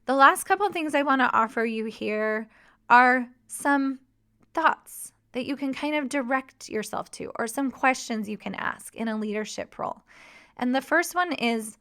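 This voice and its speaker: A woman hosting a podcast, talking in a warm, encouraging coaching tone. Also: sits high, moderate pace. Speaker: podcast host and mission coach. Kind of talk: podcast monologue.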